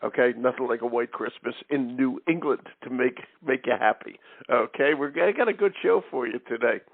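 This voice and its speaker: A man with a gravelly voice hosts a talk radio show and chats in a loose, joking way. The sound is dry and narrow, like a phone line. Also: medium pitch, fairly quick, no room sound. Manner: jokey, chatty, repeats "okay".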